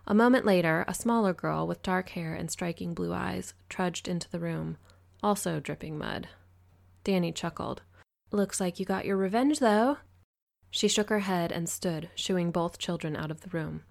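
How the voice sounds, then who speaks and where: A woman narrating an audiobook in the first person, with a low voice. Her reading is even and measured, with a gravelly fry running through it.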